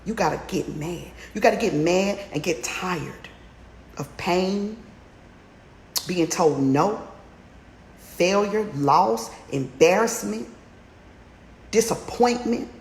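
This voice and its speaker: A woman with a slightly low voice coaches listeners through a women's challenge, driving home her points with fiery repetition. She climbs into near-shouts as she urges them on. The sound is roomy and echoey, with a faint hum of background noise. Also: expressive, takes it slowly, pauses often. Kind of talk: motivational livestream talk.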